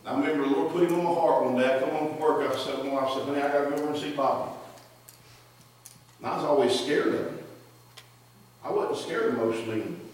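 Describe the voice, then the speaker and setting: A man's voice: medium pitch, steady tone, quick pace, pauses often, darkish tone. A man preaching a sermon in a church, telling stories with fervent repetition. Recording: echoey hall, distant mic.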